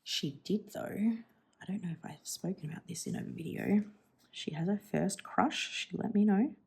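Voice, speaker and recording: A woman's voice: medium pitch, moderate pace, creaky, darkish tone, breathy edge. A woman in her thirties chatting casually and thinking aloud while swatching inks for her channel, musing and self-deprecating. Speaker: stationery vlogger.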